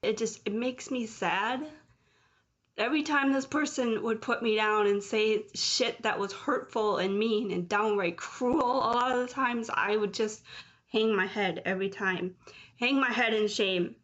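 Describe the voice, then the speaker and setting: A woman's voice: fairly high pitch, unhurried, a bit bright. Emotional woman venting in a lo-fi vlog. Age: late 30s. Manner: raw, emotional, angry and confessional. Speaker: vlogger. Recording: dull lo-fi sound.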